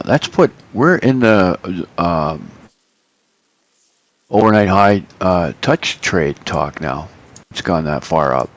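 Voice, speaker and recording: A man's voice: low-pitched, poor audio. A middle-aged man hosting a live trading stream, chatting loosely with many fillers and self-corrections. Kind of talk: casual live market commentary.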